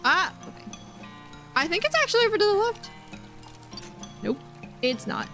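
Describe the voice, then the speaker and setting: Young woman, high voice, game streamer; giggly, rambling chatter with her chat, faint music behind. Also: big pitch swings, moderate pace, bright, forceful tone. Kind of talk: live gameplay stream chat.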